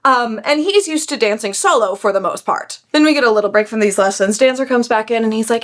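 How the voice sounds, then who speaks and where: A young woman casually recapping a novel for her vlog, animated and gushing, often laughing. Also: a little high, fairly quick, few pauses. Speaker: book vlogger.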